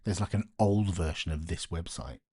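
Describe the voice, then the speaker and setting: A deep, slightly husky man chats casually on a late-night live stream, half-muttering to himself as he works. He keeps his voice down at home, and the sound is close and dry. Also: moderate pace, dry recording. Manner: talks to himself while working, quiet and muttering.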